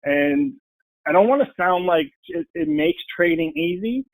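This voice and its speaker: Guy talking trading on a podcast, blunt and fired up, kinda high voice, dry close sound. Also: big pitch swings, measured pace, gravelly, no echo, poor audio. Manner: blunt, passionate, mimics people in quotes. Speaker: podcast guest, full-time trader. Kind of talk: casual interview chat.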